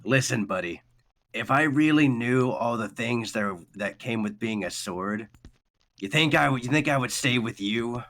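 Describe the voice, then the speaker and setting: A man voicing a gruff, crude talking sword. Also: mid-range voice, moderate pace, fairly bright tone, lightly acted. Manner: coarse, folksy, swearing.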